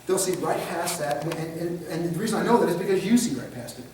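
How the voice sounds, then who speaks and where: A man's voice: a little high, quick pace, background noise. A man teaching a de-escalation training class, lecturing animatedly and acting out examples in mocking voices. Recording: echoey room, recorded from far off.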